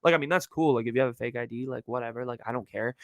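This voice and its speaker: A man's voice: rapid-fire, no echo. A young man hosting a podcast, ranting casually with slang and swearing, and jumping into mocking voices. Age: young adult. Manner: animated, swearing, slangy, jumps into mocking high-pitched voices. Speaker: podcast host. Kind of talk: casual solo rant.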